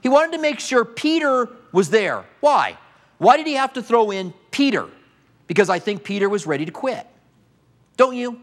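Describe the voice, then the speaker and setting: A man's voice: extremely high pitch, sing-song, moderate pace. A man preaching a sermon, retelling a story vividly and asking his listeners questions.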